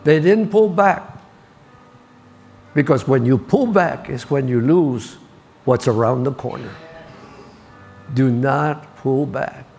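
A man's voice: medium pitch, takes it slowly, vocal fry, a little mellow, soft background music. An older man preaching a sermon, telling stories and repeating key lines for emphasis.

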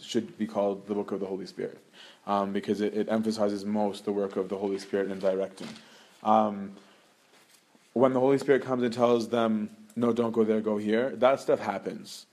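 Low-voiced man teaching casually. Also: darkish tone. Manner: conversational, keeps adding "right?". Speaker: religious teacher. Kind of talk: casual spiritual talk.

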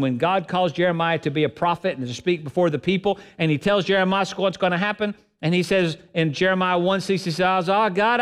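A man preaching a sermon as pastor, earnest and emphatic, repeating phrases for effect. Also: high voice. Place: church sanctuary. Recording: long hall reverb.

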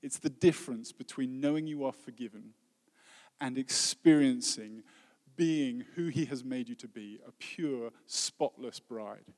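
A man, a worship leader giving an earnest, heartfelt sermon that often drops to a soft voice. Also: mid-range voice, moderate pace, few pauses. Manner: earnest, heartfelt preaching with soft dropping phrases. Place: church hall. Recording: long reverb of a hall.

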